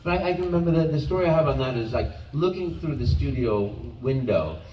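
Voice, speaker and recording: An older man, a guest voice actor answering fan questions on a convention panel, expressive and encouraging, rambling with restarts. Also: medium pitch, a little fast, highs cut off. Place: large convention hall. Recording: echoey hall, voice from far off, faint noise.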